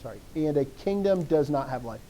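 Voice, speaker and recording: A man with a slightly higher voice teaches a language lesson. He walks through the grammar step by step, firing questions at his students and answering with quick encouragement. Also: expressive, dark tone. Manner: quizzing, encouraging. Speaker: Greek teacher. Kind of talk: live online lesson.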